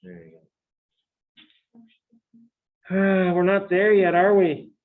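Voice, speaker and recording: A fairly high-voiced man teaching chemistry in a relaxed, chatty way and breaking into joking asides to his students. His recording sounds thin and tinny, like it came down a phone line. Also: takes it slowly. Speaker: chemistry lecturer. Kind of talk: recorded lecture. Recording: tinny phone-like lecture audio.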